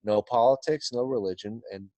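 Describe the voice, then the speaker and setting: Profane, animated man telling a story. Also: medium pitch, moderate pace. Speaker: podcast guest. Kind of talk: casual storytelling.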